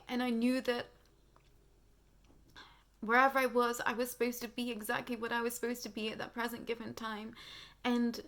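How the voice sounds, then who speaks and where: A woman close to tears, speaking earnestly and slowly about a spiritual awakening as host of her channel. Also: a little high, fairly bright tone. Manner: tearful, earnest, slow heartfelt pauses. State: close to crying. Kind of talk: emotional spiritual monologue.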